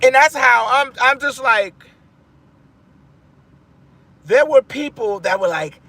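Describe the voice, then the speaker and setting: A man giving casual commentary to his viewers, rambling and animated, often breaking off mid-thought and restarting. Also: very high-pitched, slow pace, long pauses, slight background noise. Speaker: vlogger.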